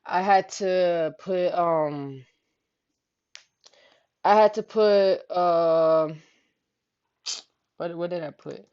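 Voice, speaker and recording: A woman's voice: fairly low pitch, very slow, pauses often, clean tone. A woman telling a story in casual, rambling talk, full of slang and swearing, often tossing in "you know what I'm saying.". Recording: slightly muffled lo-fi recording.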